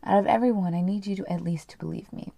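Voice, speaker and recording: Woman voicing a pleading inmate husband, mellow and unhurried, dry close sound. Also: mid-range voice, vocal fry, dry recording. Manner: pleading, desperate.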